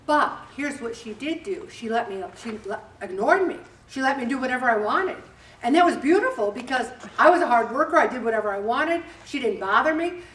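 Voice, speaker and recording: A woman's voice: a little high, animated, a little fast, fairly bright tone. A woman in her seventies leading a group talk, chatty and direct, often acting out little conversations to make her point. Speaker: group leader speaking to a weight loss group. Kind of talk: casual motivational talk. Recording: roomy, distant, faint background hum.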